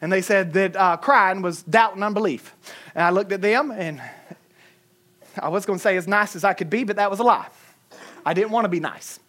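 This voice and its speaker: A woman with a Southern US accent preaching a sermon, emphatic and humorous, swinging between loud and soft. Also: medium pitch, moderate pace. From Southern United States.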